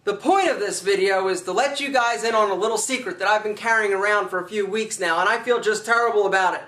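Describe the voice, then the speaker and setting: A man's voice: sits high, fast talker, pushed and bright, roomy sound, recorded from a distance. A man telling a playful, theatrical story and presenting his own video, with big swings in his voice. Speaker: style vlogger. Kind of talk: playful comedic vlog pitch.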